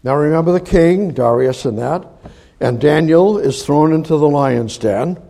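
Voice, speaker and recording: A man preaching a sermon in an animated, rambling way, often restarting his sentences. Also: on the high side, measured pace, creaky.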